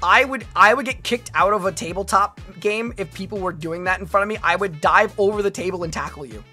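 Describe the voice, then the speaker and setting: Bright-voiced playful woman streamer. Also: medium pitch, fairly quick, faint music behind. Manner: rambling, playful, stammering restarts. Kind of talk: casual livestream chat.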